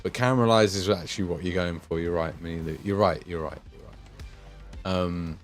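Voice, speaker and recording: A man from England with a Midlands accent paints miniatures while hosting a casual livestream, chatting, swearing and laughing as he reads the chat. His voice is low-pitched, steady and moderately paced, with faint music behind him.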